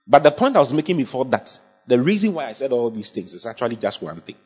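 A man's voice: medium pitch, very animated, fast talker, a little mellow, breathy edge. A man preaching a sermon, emphatic and often checking that his congregation follows. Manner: emphatic, asks the congregation for assent. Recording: dull lo-fi sound.

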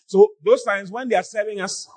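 A man preaching on a podcast, scolding with animated rhetorical questions and shouting for emphasis. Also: high voice, fairly quick, breathy edge.

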